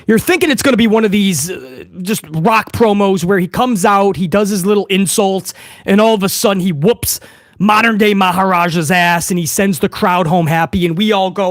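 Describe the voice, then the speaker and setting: A man giving a casual, excitable wrestling recap, sarcastic and swearing freely, with frequent restarts. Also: sits high, normal speed, no echo, clean studio sound. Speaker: wrestling commentary vlogger.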